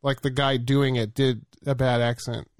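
Male podcast co-host, mid-pitched, laid-back crude humor, dry close sound. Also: flat delivery, moderate pace, no room sound. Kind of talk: casual comedic chat.

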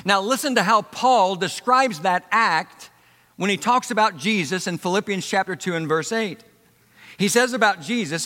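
A man's voice: high voice, expressive, normal speed, pushed and bright. A pastor preaching a sermon to his congregation, emphatic, letting his voice swell and drop for effect. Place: church hall. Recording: reverberant church hall.

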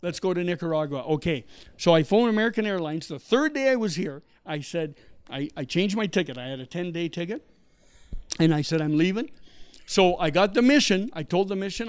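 A middle-aged man from Canada, a missionary guest telling a story with animated delivery and acted-out quotes. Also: high-pitched, a little fast, smooth. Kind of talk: storytelling interview.

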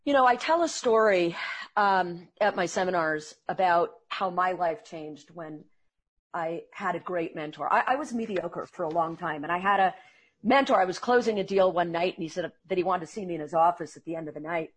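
A woman who trains salespeople, speaking as an interview guest and telling earnest, animated stories. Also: fairly low pitch, moderate pace, slightly rough.

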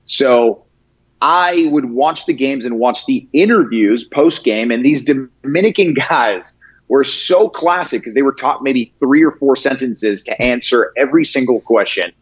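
Relaxed, halting man on a muffled line. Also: medium pitch, husky. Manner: halting, many restarts and fillers, laughs easily. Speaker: guest, prank video creator. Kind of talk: casual interview chat.

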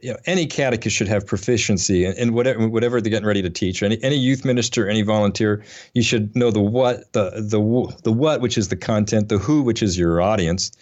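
Rambling low-voiced podcast host. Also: male voice, fast, few pauses, a little mellow, lo-fi sound. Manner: rambling, self-deprecating, many fillers and restarts. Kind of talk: casual conversational podcast. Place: Atlanta area.

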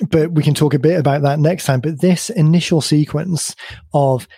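A man hosting a podcast, explaining his points at length in an emphatic conversational way, his voice a little croaky. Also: a little high, steady tone, normal speed, mellow, dry recording, clean studio sound. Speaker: podcast host.

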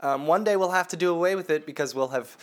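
Male podcast co-host, slightly high voice, profane and jokey. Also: fast. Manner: profane, laughing, emphatic. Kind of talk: casual comedic chat.

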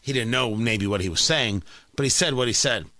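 A man's voice: medium pitch, a little fast, sharp tone, no echo. A man delivering an indignant opinion monologue, sarcastic, sometimes mocking other voices. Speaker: political commentator.

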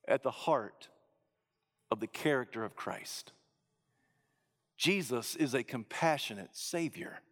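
A man preaching a sermon, rising to loud emphatic peaks and dropping to low, hushed phrases. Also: long reverb tail.

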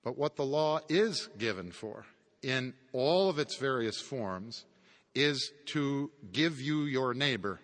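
A man's voice: medium pitch, expressive, slow pace, a bit bright. A man giving a conversational theology lecture with chuckling asides. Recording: long hall reverb.

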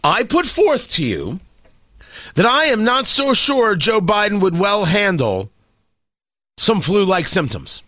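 A man's voice: high voice, very animated, slow, pushed and bright, dry recording, clean studio sound. A man hosting an opinion commentary monologue, sardonic and opinionated, firing off emphatic rhetorical questions. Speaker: commentary show host.

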